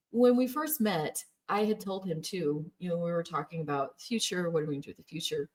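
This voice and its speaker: A woman's voice: fairly low pitch, fairly quick, few pauses, a little mellow. Candid woman in her thirties, distant mic. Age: 30s. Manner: candid, laughs often, acts out quoted voices. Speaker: former Jehovah's Witness telling her story. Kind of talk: personal testimony.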